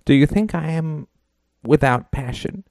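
A man's voice: a little high, animated, a little slow, gravelly, a little mellow, no echo, studio quality, pitched above the performer's own voice. A man voicing an anxious, self-doubting male professor in an audiobook, hesitant and fretful. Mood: doubtful. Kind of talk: audiobook character reading.

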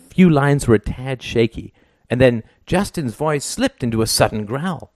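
A man's voice: medium pitch, lively intonation, moderate pace, a little mellow, no echo. Man narrating an audiobook, dry sound. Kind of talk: scripted narration.

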